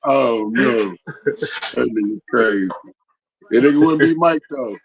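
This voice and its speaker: A man's voice: medium pitch, takes it slowly, dull audio, slight background noise. A man co-hosting a casual, profane podcast over a video call, laughing and rambling with many restarts. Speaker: podcast co-host.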